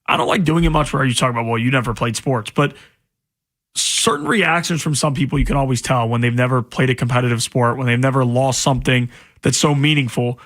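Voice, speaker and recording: A man's voice: medium pitch, fairly even intonation, fairly quick, fairly bright tone. A man co-hosting a sports talk radio show, giving blunt, exasperated takes in a studio. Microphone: studio microphone.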